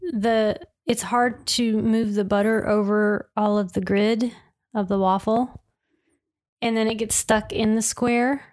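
A woman's voice: a little high, fairly even intonation, slow pace, darkish tone. A woman co-hosting a podcast, bantering casually with her partner in a teasing, exasperated way and laughing often. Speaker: podcast co-host.

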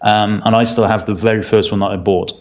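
A man's voice: on the low side, steady tone, a little fast, muffled recording. A man co-hosting a photography podcast, explaining at length in casual chat with plenty of fillers and a firm opinion. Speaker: podcast co-host.

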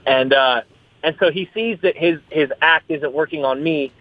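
A man's voice: on the high side, steady tone, brisk, no room sound. Tinny-sounding young man, rambling and profane. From US West Coast. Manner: rambling, repeats words, swears freely. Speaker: fighter. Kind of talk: casual interview chat. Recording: tinny phone-like line.

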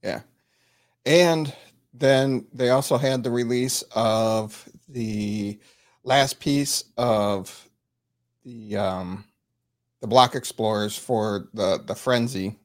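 Easygoing male podcast co-host, mid-range voice, teasing, quick to laugh. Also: mid-range voice. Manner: relaxed, laughs often, teasing. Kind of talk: casual chat.

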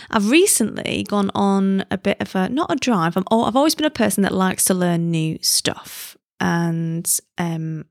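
Chatty woman with a gravelly voice. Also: mid-range voice, no room sound, studio quality. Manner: chatty, giddy, rambling tangents. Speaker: podcast host. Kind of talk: casual chat.

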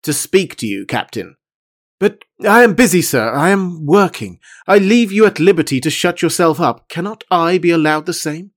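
A man reading aloud voices a stern, secretive sea captain who talks curtly and ironically, then gravely. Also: fairly high pitch, animated, normal speed, voice pushed up.

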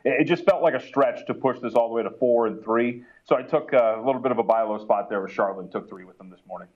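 Fast-talking man breaking down bets. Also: mid-range voice, highs cut off. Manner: rapid, filler-heavy analysis. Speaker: NBA analyst. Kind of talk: sports betting analysis.

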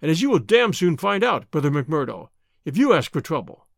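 A man voicing a huge, domineering lodge boss with a booming, bluff manner. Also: very animated, brisk, creaky, dry recording, clean studio sound. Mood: commanding.

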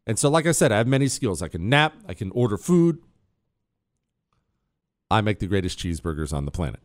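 A man's voice: on the low side, very animated, a little fast, dry recording. A man hosting a radio talk show, boasting in a joking way and teasing his producer, speaking into a studio mic. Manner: brash, self-mocking, jabs at an off-mic producer. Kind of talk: boastful comedic monologue. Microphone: studio microphone.

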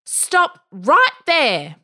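A woman's voice: sits high, big pitch swings, takes it slowly, a bit bright, voice pushed up, exaggerated voice. A woman voicing a bossy, fearless eleven-year-old girl who talks in a firm, matter-of-fact way in a storybook reading. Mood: commanding.

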